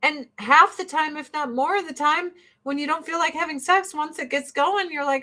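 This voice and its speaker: A woman in her forties hosts a casual livestream and rants in a blunt, profane way. She talks with animated swings and laughs often. Her voice sits a little high. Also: normal speed. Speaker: livestream host.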